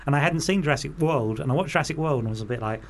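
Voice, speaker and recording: A man chatting casually about films as a podcast co-host, relaxed, retelling scenes and asking questions. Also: on the high side, rapid-fire. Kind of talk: casual film chat.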